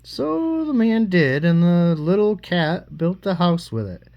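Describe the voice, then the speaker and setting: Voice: mid-range voice, sing-song, unhurried, muffled recording. An adult reading a fairy tale aloud to a child at home, in a playful, teasing storytelling manner. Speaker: bedtime story reader.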